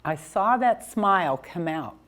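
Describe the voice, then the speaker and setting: A woman teacher guides a student through sounds and spelling rules. She speaks slowly and calmly in a somewhat low voice, with a patient, coaching manner. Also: a little hiss or hum. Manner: slow, calm, coaching. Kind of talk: patient phonics instruction.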